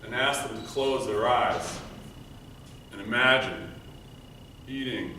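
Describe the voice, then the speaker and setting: A man giving a prepared storytelling speech at a speech contest, earnest, moving between loud emphasis and quiet, hushed passages. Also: medium pitch, slow. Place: meeting room before an audience. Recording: echoey room, mic from far off, faint noise.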